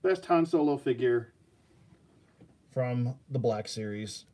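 A man's voice: medium pitch, lively intonation, slow pace, warm tone. A man hosting a casual live action figure review, joking and rambling as he talks to his viewers.

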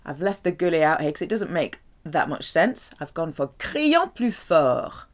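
A woman teaching French, carefully saying each example and explaining its meaning. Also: low-pitched. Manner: slow, careful, lively delivery with drawn-out French examples. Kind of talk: language lesson.

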